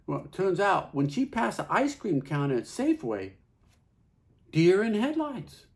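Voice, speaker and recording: A man performing a theatrical monologue as a plain-spoken husband, folksy and halting, with many repeats. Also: high voice, very animated, vocal fry. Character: Carl, plain-spoken middle-aged husband.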